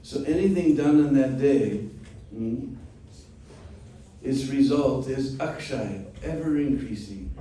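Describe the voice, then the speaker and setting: A man's voice: mid-range voice, mellow, far from the mic, slight background noise. Man telling a story in an echoey room. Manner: unhurried, with frequent "hmm?" check-ins. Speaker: spiritual teacher. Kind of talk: storytelling class.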